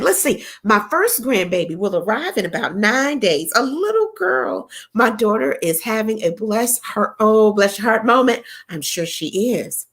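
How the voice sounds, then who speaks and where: A middle-aged woman from the American South hosts a relaxed live-stream chat with a fairly high voice. Her pitch leaps and dips playfully, and she breaks into laughter often while chatting with viewers. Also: unhurried, hardly any pauses. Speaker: host of a live chat show.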